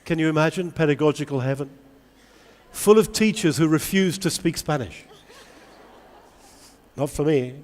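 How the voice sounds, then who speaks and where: A man giving a lively conference talk to English teachers, asking the audience many questions. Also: on the high side, moderate pace, long pauses. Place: large convention hall. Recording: long hall reverb.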